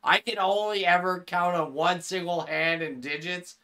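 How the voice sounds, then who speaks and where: A man's voice: high-pitched, steady tone, moderate pace, sharp tone. A man streaming a game, joking with friends in profane, boisterous banter. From Canada. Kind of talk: casual gaming chat.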